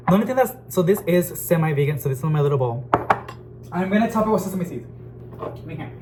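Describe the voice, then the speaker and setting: A man chatting casually to his viewers in a home vlog, excitable and talkative, calling them y'all. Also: fairly high pitch, fast, noisy background. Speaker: plant vlogger. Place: home kitchen. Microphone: phone camera.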